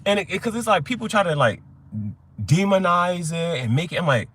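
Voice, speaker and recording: A man's voice: sits high, animated, brisk, fairly bright tone, husky. A young adult man hosting a tarot reading chat, talking in a rambling, profane way and telling stories with quoted voices. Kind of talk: casual livestream chat.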